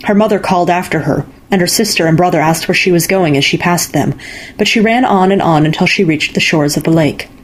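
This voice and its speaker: A woman reading a fairy-tale story aloud in calm, measured narration. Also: fairly low pitch. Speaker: story reader. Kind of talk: scripted narration.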